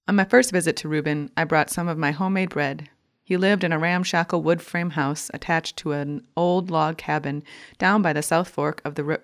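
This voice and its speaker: A woman reading a memoir essay aloud with a measured, deliberate delivery that slows down over lists. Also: low voice, creaky. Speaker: reader.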